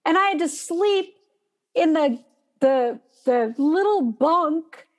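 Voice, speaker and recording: A woman telling a personal story in casual conversation, animated and acting out gasps as she goes. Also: high-pitched, slow pace. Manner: animated, acts out gasps and panicked breathing.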